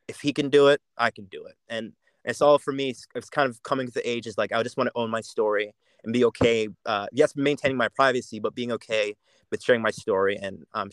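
A young man from Jamaica talks casually as a podcast guest, thinking aloud and circling back over his words. His voice sits at an ordinary middle pitch. The sound is dry and close, with no room around it. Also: no room sound. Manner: reflective, many restarts and repeated words. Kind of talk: casual chat.

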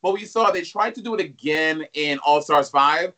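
A man with a high, bright voice chatting as a guest. His talk is candid and expressive, and he rambles through his stories. His tone has a sharp, forward edge. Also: normal speed. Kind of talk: casual chat.

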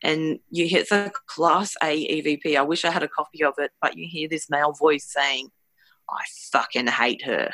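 A woman's voice: deep voice, steady tone, fairly quick, hardly any pauses, a bit bright, dry recording. A woman earnestly recounting a personal experience, hesitant and searching for words as she goes. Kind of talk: personal storytelling.

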